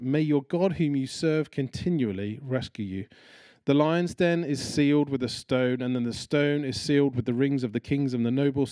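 A man delivering a sermon in a relaxed, chatty manner, slipping into voices to act out the story. His voice sits at an ordinary middle pitch with a mellow, warm tone. The sound is dry and close, with no room echo. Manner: conversational, animated storytelling with acted-out quotes. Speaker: preacher.

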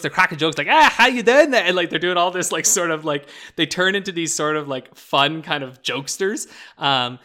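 A man's voice: on the high side, bright, forceful tone. A man in casual podcast chat, talking animatedly with lots of "like" and "right?" and laughing as he explains. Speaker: podcast co-host.

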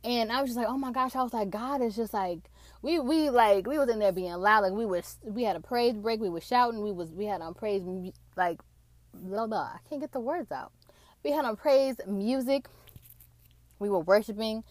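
A woman's voice: fairly high pitch, normal speed, no echo. Emotional young woman sharing a testimony. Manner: emotional, excited, fills with "like". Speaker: faith testimony speaker. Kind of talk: personal testimony, casual storytelling.

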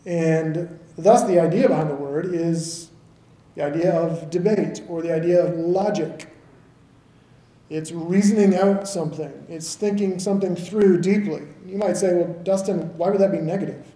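A man's voice: fairly high pitch, fairly even intonation, moderate pace, mellow, echoey room, low-quality recording. A man in his thirties from the American South, preaching a conversational sermon and often checking in with the congregation. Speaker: pastor.

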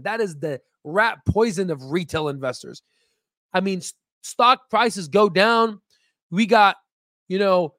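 Male investing host with a higher-than-usual pitch, dry sound; emphatic, rambling, self-promoting commentary. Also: fairly bright tone, dry recording. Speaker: stock market video host. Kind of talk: casual screen-share commentary.

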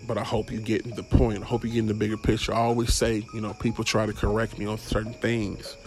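A man's voice: fairly low pitch, flat delivery, fast, darkish tone, soft background music. A young man hosting a casual solo podcast, rambling and stumbling over his words with frequent swearing. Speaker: podcast host.

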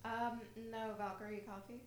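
Podcast co-host, woman, soft-spoken, slightly high pitch, giggly. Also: level tone, moderate pace, roomy sound, far from the mic, crowd noise, rough recording. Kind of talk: casual chat.

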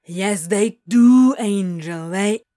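Crowley, a woman doing a slow drawling male demon. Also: lowish voice, darkish tone, no echo, clean studio sound. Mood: insistent. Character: sulky, awkward male demon.

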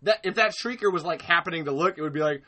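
A young man chatting casually as a fan, excitable, with loud whiny outbursts and low musing stretches. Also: quick pace. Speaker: podcast guest.

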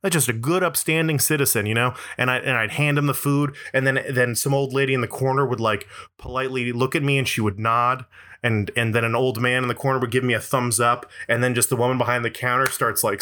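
A man's voice: medium pitch, bright, forceful tone. A man telling a comedic personal story, self-deprecating and profane, spinning it into exaggerated riffs.

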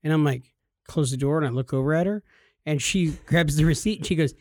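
A man co-hosting a podcast speaks at a fairly high pitch and a fairly quick clip over a dry, studio-quality recording. In casual chat he tells stories with gusto, acting out the people he's quoting.

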